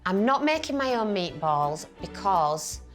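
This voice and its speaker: A woman's voice: medium pitch, sing-song, unhurried, music in the background. A woman chatting cheerfully as she cooks and serves a dinner party. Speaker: home cook hosting a dinner party. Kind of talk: casual chat while cooking.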